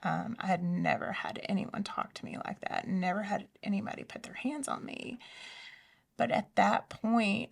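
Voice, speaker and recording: A woman telling her personal story in an interview, soft-spoken and hesitant, often dropping to a near whisper. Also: mid-range voice, normal speed, vocal fry, distant mic. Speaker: interview guest. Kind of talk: personal testimony in a conversation.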